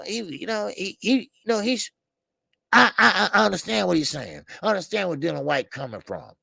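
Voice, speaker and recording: A man hosting a call-in boxing show, talking in an animated, profane way that repeats phrases for emphasis. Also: medium pitch, vocal fry, dry recording, studio quality. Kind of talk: animated casual commentary.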